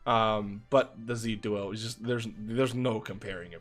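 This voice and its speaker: A young man giving excited reaction commentary on game animations, gushing and restarting his sentences, calling the viewer dude and bro. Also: lowish voice, a little slow, faint music behind. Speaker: gaming YouTuber.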